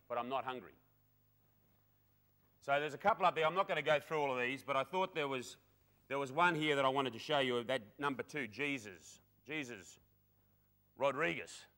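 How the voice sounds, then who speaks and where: Chatty man giving a keynote. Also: medium pitch. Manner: energetic, chatty, addresses audience directly. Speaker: conference speaker. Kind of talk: conference keynote talk. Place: conference hall.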